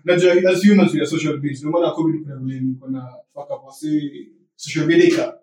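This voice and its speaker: A man's voice: fairly high pitch, steady tone, fast talker, a little mellow. Young man, echoey and distant. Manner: loose, switches between English and Swahili slang, lots of "like". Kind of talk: casual chat. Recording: echoey room, far from the mic.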